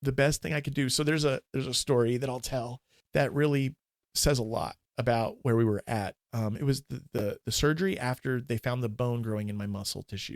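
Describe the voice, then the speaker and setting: Man in his forties, gravelly, dry close sound, halting emotional storytelling, podcast guest. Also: medium pitch, dry recording. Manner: halting, emotional, with many restarts. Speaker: minister. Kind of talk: candid personal storytelling.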